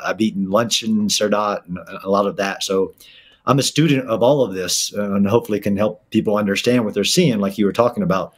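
A man, a guest expert, explaining his background in a measured way over a video call. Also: lowish voice. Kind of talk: interview answers.

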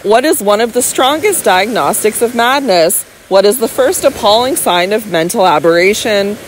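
A woman's voice: mid-range voice, expressive, normal speed, a little hiss or hum, close to an everyday voice, low-quality recording. A woman voicing a young lady who argues her case earnestly and coaxes her husband tenderly. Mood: insistent. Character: scheming young lady, frightened yet persuasive.

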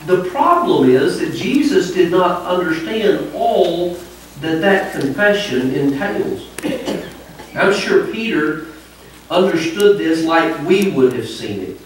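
Male preacher, easy storytelling sermon, fairly high voice, heavy church echo. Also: very animated, slow pace. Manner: conversational, storytelling. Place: church sanctuary. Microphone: wireless mic cutting out. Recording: echoey sanctuary, distant mic, faint noise.

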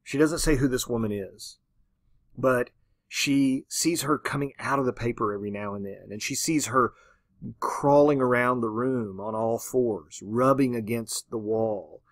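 A man giving a literature lecture in a conversational way, often asking "right?" and pausing on "um". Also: medium pitch, no room sound. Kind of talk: classroom lecture.

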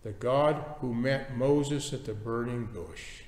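A male pastor preaching a sermon, reading scripture and then explaining it with emphatic pauses. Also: medium pitch, darkish tone. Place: church sanctuary. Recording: echoey church hall, distant mic.

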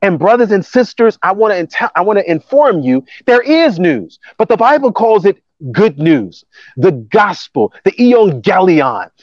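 A man pastor preaching a lively, emphatic sermon, repeating key phrases and laughing now and then. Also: high-pitched, moderate pace, no room sound, dull audio. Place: church campus building.

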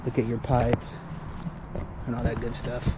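Here a roofing foreman and salesman, young and male, narrates a relaxed rooftop walkthrough vlog, explaining things as he goes with outdoor noise around him. His medium-pitched delivery is completely flat and measured, and at times he runs short of breath.

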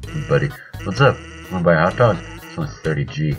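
A man voicing a lazy, wisecracking male skeleton selling snacks, in a laid-back deadpan way. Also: low voice, quick pace, gravelly, faint music behind, full character voice. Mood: easygoing.

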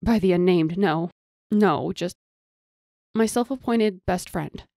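A woman's voice: fairly low pitch, slow, gravelly, warm tone, no room sound, clean studio sound. A woman voicing a desperate young female captive, pleading breathlessly. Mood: indignant.

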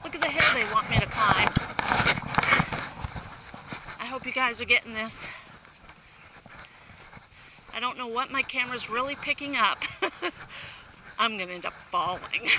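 A woman's voice: on the high side, normal speed, pauses often. An older woman chatting and giggling as she films her family outdoors on a snowy hill with a handheld camera. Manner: chatty, giggly, frequent laughter. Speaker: vlogger filming her family. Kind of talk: casual home video narration. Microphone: handheld video camera. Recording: noisy outdoor camcorder audio.

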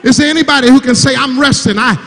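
A man's voice: very high-pitched, steady tone, fast talker, fairly bright tone. A grieving man preaching a call-and-response sermon to his congregation, repeating words for emphasis and pressing the room to answer back. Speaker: preacher, son of the late pastor. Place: large church sanctuary. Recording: church sanctuary with long reverb.

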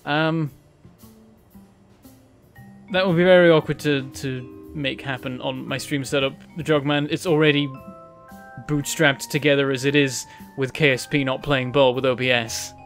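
A man's voice: medium pitch, fairly even intonation, a little slow, faint music behind. A man from northern England streaming a game live, thinking aloud, answering chat and breaking into frustrated exclamations. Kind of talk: live-stream gameplay commentary.

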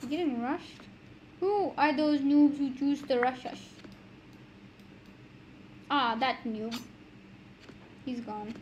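Giggly high-voiced woman gaming with a friend. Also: slow, long pauses, muffled recording, slight background noise. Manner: giggly, teasing, excitable. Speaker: gamer streamer. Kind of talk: casual gaming chat.

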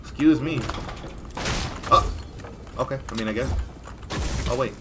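A man giving live commentary as he plays a video game, jumpy and excitable, full of exclamations. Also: medium pitch, a little slow, background noise. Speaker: gaming streamer.

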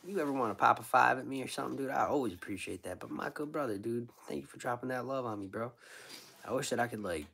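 A man's voice: medium pitch, quick pace, vocal fry, fairly bright tone, slightly rough. A man, a street musician, chatting casually with viewers on a livestream, laid-back and rambling, full of slang like dude and bro.

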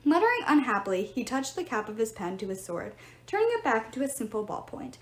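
A woman reading a novel aloud, her fairly high voice rising and falling with lively expression. The reading sits in a roomy space with a clear echo. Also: fast. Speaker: audiobook reader.

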